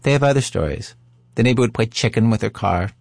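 A man hosting a podcast who narrates calmly and asks curious follow-up questions. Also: fairly low pitch, fast, vocal fry, no room sound, studio quality. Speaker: podcast host and interviewer. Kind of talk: narration and interview.

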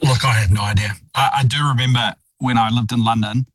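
A man's voice: medium pitch, steady tone, a little fast, slightly rough, no echo, studio quality, soft background music. A man answering as a radio guest, frank and offhand. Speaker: studio guest, finance.

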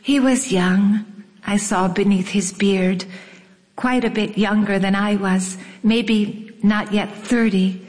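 A woman reads her memoir aloud slowly, with a wry, measured delivery. Her voice sits at a middle pitch and trails off into a long reverb. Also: steady tone, a little mellow. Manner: wry, unhurried storytelling. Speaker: narrator. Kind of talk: audiobook memoir reading.

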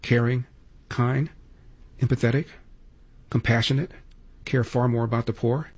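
A man's voice: medium pitch, little pitch movement, unhurried, darkish tone, husky. A male radio talk show host giving opinionated, sarcastic political commentary and taking calls.

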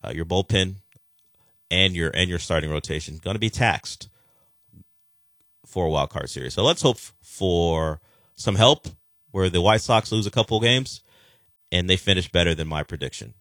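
Deep-voiced male sports radio host. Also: expressive, normal speed, pauses often, a bit bright, dry recording, studio quality. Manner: conversational, rambling with restarts. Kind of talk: casual radio talk.

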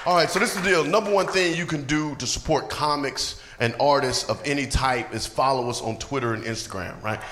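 A man's voice: medium pitch, fairly quick, few pauses, fairly bright tone. Male stand-up comedian, upbeat, direct, handheld mic, long room echo, noisy crowd. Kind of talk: stand-up closing remarks. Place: comedy club stage. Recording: echoey live club with crowd noise. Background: audience laughter and cheers.

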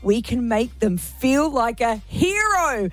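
A woman's voice: a little high, big pitch swings, takes it slowly. An Australian woman hosting a radio show, talking earnestly and emotionally in run-on bursts. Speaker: radio host. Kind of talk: breakfast radio chat.

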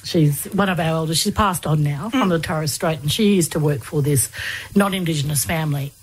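A woman with a lowish, husky voice conducts a friendly interview. She eases into her questions, restarting and stumbling a little as she prompts her guest. Her style stays conversational throughout. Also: moderate pace. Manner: warm prompting, hesitant restarts.

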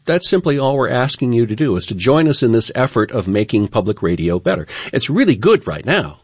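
A man's voice: mid-range voice, very animated, a little fast, slightly rough, no room sound, studio quality. A man who is a former broadcaster, telling a reflective story on air in an earnest way. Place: radio studio. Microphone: studio microphone.

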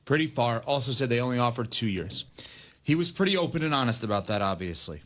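A man's voice: mid-range voice, expressive, fast talker. A man hosting a sports talk radio show, arguing his points emphatically and weighing both sides.

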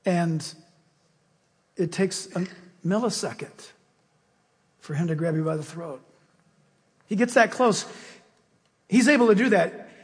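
A man preaching a sermon in an animated, conversational way, acting out the story characters. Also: high voice, unhurried, pauses often. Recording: long hall reverb.

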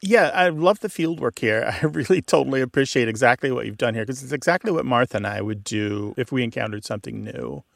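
A man's voice: medium pitch, fast talker, gravelly, hardly any pauses, fairly bright tone, no echo, studio quality. A man hosting a call-in radio show, explaining word usage to a caller with enthusiasm. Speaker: host.

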